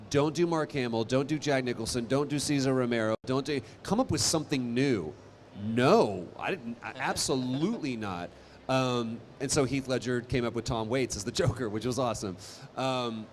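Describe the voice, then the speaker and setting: A man talking on a convention stage, telling stories with energy and quick asides. His voice sits at a middle pitch. A faint hum of ambience runs under the hall recording. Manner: animated storytelling, quick asides. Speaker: convention panel guest. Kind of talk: casual panel talk.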